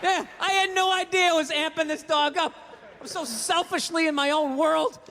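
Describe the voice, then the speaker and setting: Ranting high-voiced male stand-up comic. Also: steady tone, normal speed, pushed and bright, big-room sound, some chatter behind, a little hiss or hum. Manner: ranting, exasperated, profane. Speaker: stand-up comedian. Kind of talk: stand-up comedy routine.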